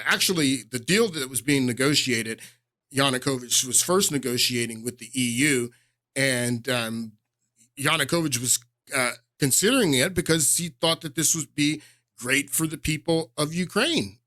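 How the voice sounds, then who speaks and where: A man's voice: mid-range voice, sharp tone, no room sound, clean studio sound. A man rambling through political commentary. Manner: rambling, with many fillers and restarts, emphatic. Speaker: podcast host. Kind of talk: casual political commentary monologue.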